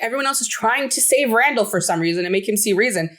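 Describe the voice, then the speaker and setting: Give me an animated woman podcast co-host. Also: on the high side, fast. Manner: animated, acts out quotes with laughter. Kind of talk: casual chat.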